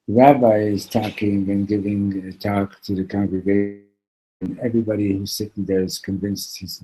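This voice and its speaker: A man teaching a Torah class, telling stories in an animated way, acting out the characters and sprinkling in Yiddish and Hebrew words. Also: low-pitched, normal speed, husky, low-quality recording.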